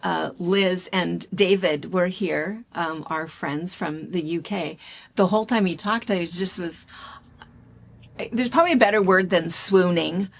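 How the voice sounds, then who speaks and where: A woman from the United States co-hosting a casual chat show, telling stories in an animated, chatty way. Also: lowish voice, measured pace, creaky. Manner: chatty, animated storytelling with laughs. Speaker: co-host.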